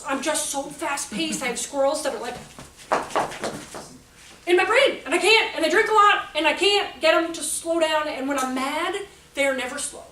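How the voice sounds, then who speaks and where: A middle-aged woman giving an animated, chatty workshop talk to educators. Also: high voice, a little hiss or hum. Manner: animated, chatty, acts out kids' outbursts. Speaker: teacher trainer. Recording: echoey room, voice from a distance.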